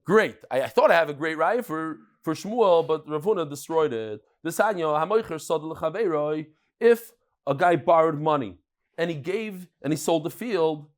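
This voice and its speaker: A man's voice: a little high, expressive, moderate pace. A man teaching a Talmud class to a live room, telling stories and jokes in a chatty way. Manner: joking, storytelling, chatty with laughs. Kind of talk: daf yomi lecture with jokes and stories.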